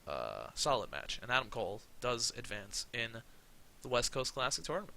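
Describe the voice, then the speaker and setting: A man's voice: mid-range voice, very animated, normal speed, gravelly, sharp tone, low-quality recording. A man giving rambling, sarcastic commentary on his wrestling management game, swearing casually. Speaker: let's play commentator.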